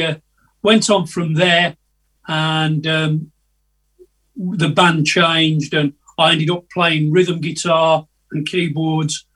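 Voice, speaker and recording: An older man spins rambling, chatty anecdotes over a video call. his voice sits a touch high and comes out husky and slightly distant from the mic. he hesitates a lot and laughs along at his own stories. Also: fairly bright tone. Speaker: guest musician. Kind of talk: casual anecdotal storytelling.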